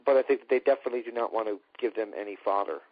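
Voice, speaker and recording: A man's voice: fairly low pitch, racing, husky, no room sound. A man co-hosting a casual wrestling talk show, speaking in an opinionated, sarcastic way. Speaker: podcast co-host. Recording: dull lo-fi dry recording.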